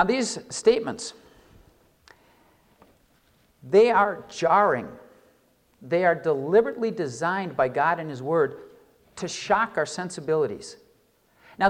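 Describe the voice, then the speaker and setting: A pastor preaches a sermon with emphasis, his expressive voice reading scripture slowly and deliberately. Pitch and volume swing widely, and he slows down on key phrases.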